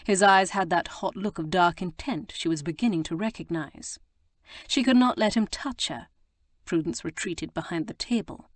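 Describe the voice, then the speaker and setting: A woman narrating an audiobook in a measured, expressive storytelling manner. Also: on the low side, no echo. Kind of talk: scripted narration.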